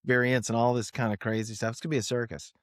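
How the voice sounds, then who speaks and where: An American man co-hosting a casual podcast, eager and excitable, often breaking off mid-sentence. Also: medium pitch, rapid-fire, dry recording, studio quality. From United States. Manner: enthusiastic, breaks off sentences, "awesome". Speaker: podcast co-host. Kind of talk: casual chat.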